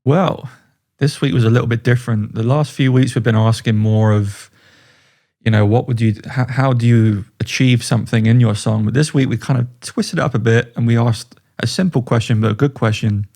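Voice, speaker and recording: A man's voice: mid-range voice, fairly even intonation, fairly quick, darkish tone. A man co-hosting a podcast, talking in a friendly, conversational way. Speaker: podcast co-host. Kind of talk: casual chat.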